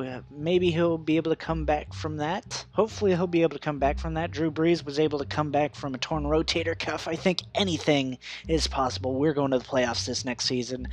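A man giving casual, profane commentary over a football video game, ranting and laughing as he goes. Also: on the high side. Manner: ranting, swearing, laughing, mock voices. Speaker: gaming YouTuber.

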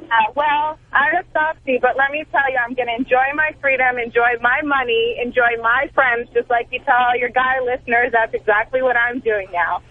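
A woman's voice: on the high side, fairly even intonation, normal speed, a little hiss or hum. A woman caller on a radio show, chatty and agreeable, laughing easily. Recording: tinny phone line.

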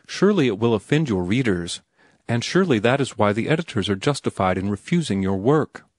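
A man reading a genteel young lady in an audiobook, her voice lifted a little above his own low register, earnest and questioning. The recording is close and completely dry, with no room sound at all. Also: very animated, brisk, no echo. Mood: reproachful. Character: young genteel woman, prim and reproachful.

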